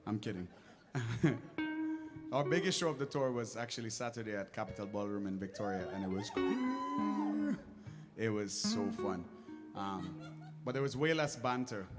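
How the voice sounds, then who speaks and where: A man with a Caribbean English accent, a touring musician chatting and joking with a live audience between songs, laughing often at his own self-deprecating jokes. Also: medium pitch.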